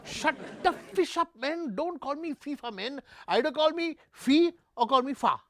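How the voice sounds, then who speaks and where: A man doing a squeaky indignant football official. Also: expressive, moderate pace, crowd noise, background noise. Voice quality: high, squeaky put-on voice. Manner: indignant, slangy, calling people man.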